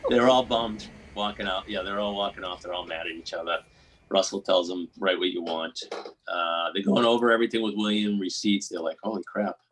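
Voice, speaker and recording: A man hosting a podcast, recapping a film in casual chat, rambling and acting out quotes in quick bursts. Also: fairly low pitch, fairly bright tone, poor audio. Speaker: podcast host.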